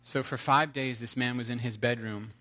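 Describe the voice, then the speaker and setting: A man's voice: medium pitch, fairly even intonation, moderate pace, pushed and bright. A man preaching an earnest sermon, telling a story to his congregation.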